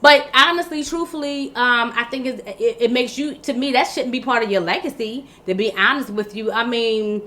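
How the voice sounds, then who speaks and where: A woman's voice: on the high side, moderate pace, hardly any pauses, fairly bright tone. A woman hosting her own channel, giving blunt, exasperated political commentary in casual talk, with many restarts and repeated words. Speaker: vlog host.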